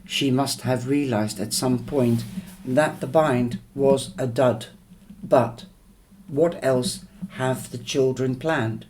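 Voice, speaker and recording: A man's voice: medium pitch, darkish tone, a little hiss or hum. A man reading a novel chapter aloud, with small slips and restarts. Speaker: audiobook reader.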